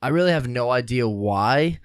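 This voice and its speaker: A young man chats loosely on a podcast, dropping swear words and laughing between points. His voice is smooth and clear, recorded close in a dead, dry space. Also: mid-range voice, lively intonation, moderate pace, no room sound. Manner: laid-back, swears a lot, laughs often. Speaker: podcast host. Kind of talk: casual chat.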